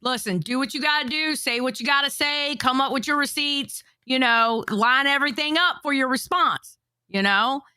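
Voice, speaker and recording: This woman co-hosts a stream, casually recapping clips and keeping the talk moving. Her voice is high and bright. The recording is close and dry. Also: moderate pace, clean tone, dry recording. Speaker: co-host of a commentary stream. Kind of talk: casual chat.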